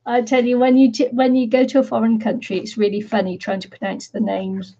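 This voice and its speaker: A woman's voice: a little high, level tone, a little fast, mellow, lo-fi sound. A British woman chatting casually while crafting, rambling and laughing often at her own stories. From Britain. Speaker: craft vlogger.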